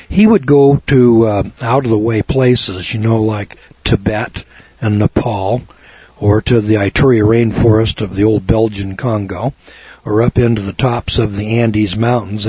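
A man's voice: mid-range voice, darkish tone, husky, dry recording. A man giving a rambling, folksy health talk to an audience, acting out quoted dialogue as he goes. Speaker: health lecturer. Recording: dull lo-fi sound.

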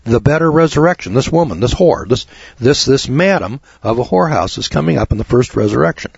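A man preaching an informal sermon as a lay preacher, blunt and folksy with rough language. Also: medium pitch, lively intonation, fairly quick, darkish tone, no echo, lo-fi sound.

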